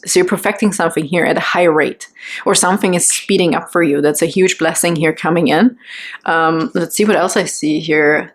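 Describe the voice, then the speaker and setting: A woman with a lowish voice gives a pick-a-card tarot reading, speaking gently and reassuringly. She muses over each card and keeps checking in with "okay?" and "right?"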